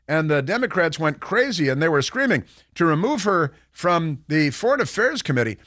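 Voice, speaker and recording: A man's voice: on the high side, a bit bright, no echo, clean studio sound. A man hosting a political talk radio show, ranting sarcastically in a rambling way, with many fillers and restarts. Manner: sarcastic, mocking, puts on voices to ridicule.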